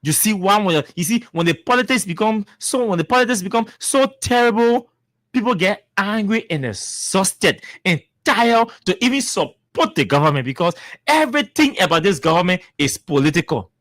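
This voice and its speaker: A talk-radio host with a Liberian accent delivers commentary with heavy emphasis and lots of repetition. The voice sits at a middle pitch and sounds dry and close. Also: animated, normal speed, a bit bright, dry recording.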